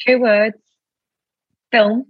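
A woman guest shouting excitable guesses in a party game. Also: a little high, extremely slow, dry recording, lo-fi sound.

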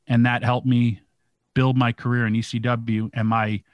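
A man's voice: medium pitch, flat delivery, moderate pace, dry recording. A man on a talk show, telling a vivid story in casual speech, with many "like"s and "literally"s. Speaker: podcast co-host telling a story.

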